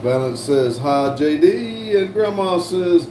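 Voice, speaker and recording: A man's voice: sits high, expressive, takes it slowly. An older man, hosting a casual livestream, reading viewer chat aloud with many fillers and restarts. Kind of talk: casual live-stream chat. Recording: echoey room, voice from a distance, faint hum.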